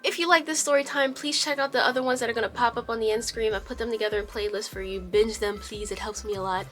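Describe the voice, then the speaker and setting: A woman's voice: on the high side, fairly even intonation, fast, a bit bright, soft background music. A woman hosting a casual storytime video, retelling a viewer's story with blunt, sassy asides and free swearing. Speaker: YouTube storytime host.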